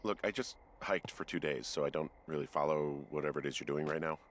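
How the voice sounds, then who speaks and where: An actor playing a tired, dry-humored fire lookout in a video game, talking in a deadpan, sarcastic way. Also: male voice, rumbling low, fast talker, slight background noise. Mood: weary dry.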